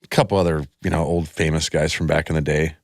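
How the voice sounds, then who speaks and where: A middle-aged man talks as a podcast guest in a relaxed, wry way, chuckling between lines. His voice sits very low. The sound is dry and close. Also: fast, gravelly, no echo. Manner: laid-back, wry, chuckling. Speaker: guest, host's husband. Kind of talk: casual chat.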